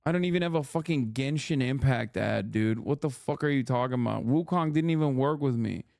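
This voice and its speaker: A man's voice: medium pitch, fairly quick, creaky, a little mellow, no echo, studio quality. A male streamer reacting to a clip, mocking and heated, swearing often. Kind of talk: profane, sarcastic streamer commentary.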